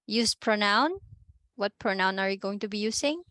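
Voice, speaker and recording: A woman's voice: mid-range voice, lively intonation, moderate pace, bright, forceful tone, dry recording. A woman with a Filipino accent teaching a Spanish class online, patient, mixing English with Tagalog and checking often whether students follow.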